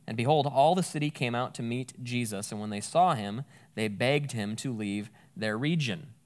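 A man's voice: medium pitch, moderate pace. A man giving a casual, conversational Bible teaching, thinking aloud and correcting himself as he goes.

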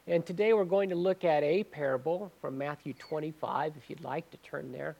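A man's voice: fairly high pitch, normal speed, gravelly, highs cut off. A man preaching as a pastor, conversational and asking his congregation questions. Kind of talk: sermon.

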